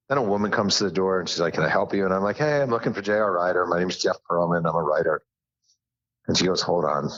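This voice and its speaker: A man with a deep, low voice tells stories as a podcast guest, slipping into the voices of the people he quotes and poking fun at himself. The sound is dry and a little dull, like a lo-fi remote mic. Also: no echo. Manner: animated storyteller who acts out quotes, self-deprecating. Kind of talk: casual interview storytelling.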